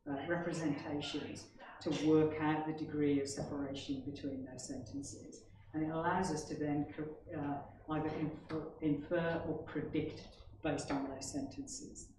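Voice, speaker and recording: A man's voice: on the high side, darkish tone. A man giving a technical conference presentation in an explanatory way, often checking in with the audience. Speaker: conference speaker. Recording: echoey hall, distant mic, background noise.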